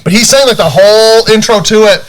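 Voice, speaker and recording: Guy w a higher voice rambling thru a story on a podcast, lots of likes and restarts. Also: brisk, a little hiss or hum. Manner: animated storytelling, many fillers and restarts. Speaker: podcast co-host. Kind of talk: casual chat.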